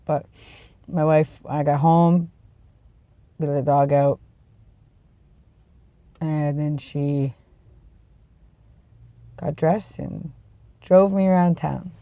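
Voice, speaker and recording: A vlogger with a cold, sniffly and tired, chatting casually to the camera in a rambling, self-deprecating way that trails off into low mumbles. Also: steady tone, slow, long pauses, no echo, highs cut off. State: sick with a cold, sniffly and congested; tired and yawning.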